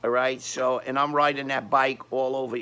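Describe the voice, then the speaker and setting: An older man with a Brooklyn accent telling a rambling street story in a casual, animated way, often restarting his sentences. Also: medium pitch, normal speed, clear, resonant tone. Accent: Brooklyn New York. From Brooklyn, New York.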